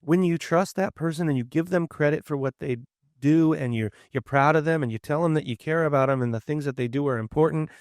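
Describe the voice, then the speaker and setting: A man's voice: a little high, a little fast, a little mellow, no echo, clean studio sound. A man co-hosting a podcast and talking as a teacher, explaining in an earnest, encouraging way. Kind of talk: casual conversational podcast chat.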